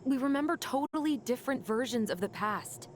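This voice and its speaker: A woman's voice: sits high, animated, a little fast, a little hiss or hum. A troubled young woman. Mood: uneasy. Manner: hesitant, uneasy. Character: troubled young woman doubting her memories. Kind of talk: video game voice acting.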